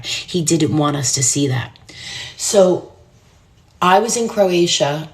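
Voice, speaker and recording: A middle-aged woman speaks to her live audience in a low, earnest voice. She tells a deeply emotional personal story with intensity. At moments she drops into a soft whisper. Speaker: numerologist hosting a live stream.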